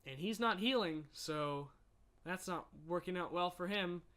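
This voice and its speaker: A man co-hosting a podcast, retelling a movie in casual chat with emotional, animated delivery. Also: sits high, unhurried. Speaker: podcast co-host.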